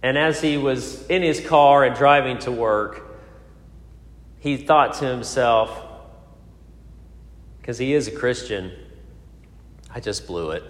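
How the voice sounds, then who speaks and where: A man preaching a sermon, telling a story with many pauses, fillers and restarts. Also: mid-range voice, fairly even intonation. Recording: echoey hall.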